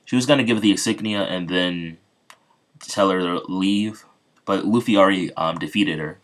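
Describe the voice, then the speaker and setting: Deep-voiced man, casual story retelling, rambling, lots of ums. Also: normal speed. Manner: rambling, many fillers.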